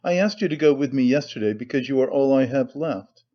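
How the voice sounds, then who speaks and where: A man plays a bitter, tormented young man, speaking wearily and brooding before breaking into bursts of despair. His natural, medium-pitched voice is animated and fairly quick. The recording is slightly muffled.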